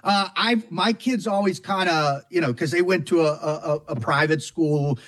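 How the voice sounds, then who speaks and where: A middle-aged man talking as a guest in a casual interview, heartfelt and reflective, often pausing and restarting. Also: on the high side, a bit bright.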